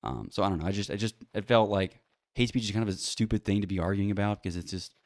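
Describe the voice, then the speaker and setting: A man's voice: lowish voice, animated, quick pace, a little mellow, no room sound. A man hosting a solo talk show, rambling bluntly with many fillers and restarts. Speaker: podcast host. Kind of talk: casual solo commentary.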